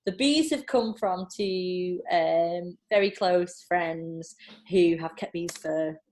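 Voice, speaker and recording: A woman's voice: lowish voice, takes it slowly. A woman in casual conversation as a podcast guest, telling stories chattily with lots of fillers and laughter. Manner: chatty, animated storytelling with frequent laughs and filler. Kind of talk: casual chat.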